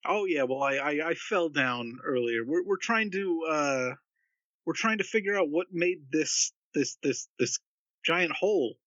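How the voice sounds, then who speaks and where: A man's voice: on the high side, animated, measured pace, a bit bright, no room sound, dull audio. A man playing a tabletop game in casual, rambling speech that stumbles over words. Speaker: player.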